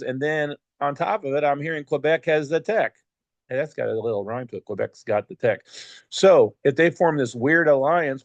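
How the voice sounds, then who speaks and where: A man hosts a podcast alone, rambling and cracking jokes, and he leans on plenty of fillers. His voice sits at a middling pitch. It is recorded close and dry, with no room echo. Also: creaky, dull audio. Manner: rambling, joking, chatty with many fillers. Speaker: podcast host. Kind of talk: casual monologue podcast.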